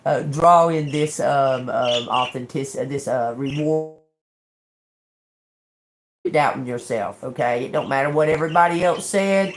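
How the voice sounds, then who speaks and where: A woman's voice: low voice, unhurried, pauses often, slight background noise. A woman doing a casual live-stream tarot reading. She talks in an encouraging way, ends many lines with "okay?", often repeats and restarts words, and slips in joking, sarcastic asides. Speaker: tarot reader.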